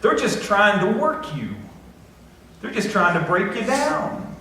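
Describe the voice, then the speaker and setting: Slow and sing-song, the pastor's voice sits high as this middle-aged man preaches a conversational, folksy sermon with self-deprecating asides. Background noise and heavy church echo come through, since he is recorded from a distance in the sanctuary.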